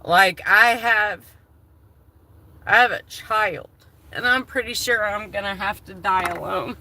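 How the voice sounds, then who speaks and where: A woman's voice: medium pitch, slow, bright, forceful tone. A woman chatting candidly on a livestream, emotional and swearing freely. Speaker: live streamer. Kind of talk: casual livestream chat.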